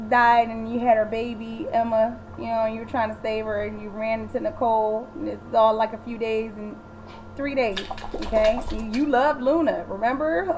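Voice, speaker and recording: A sassy, animated woman recaps an episode in a casual vlog. Her voice sits a little high, and she talks straight to the viewer. A faint hiss runs under the recording. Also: moderate pace, dull audio. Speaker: TV recap vlogger.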